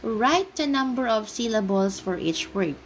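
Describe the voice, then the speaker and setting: A woman ESL teacher speaks at a slow, unhurried pace with a mid-range voice. She talks patiently and sounds out words syllable by syllable for her student. A faint hum sits behind her. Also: on the high side, lively intonation, poor audio. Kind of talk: online English lesson.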